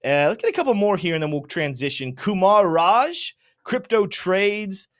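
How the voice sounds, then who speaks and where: A young adult man hosting a live crypto market stream, reading out chat names with upbeat, energetic shout-outs before moving to chart talk. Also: high voice, moderate pace.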